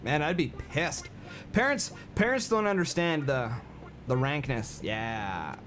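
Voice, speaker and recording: A man's voice: on the high side, animated, measured pace, fairly bright tone, a little hiss or hum. A man casually chatting on a game livestream, rambling and answering chat with lots of fillers and repeated words. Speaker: game streamer. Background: music.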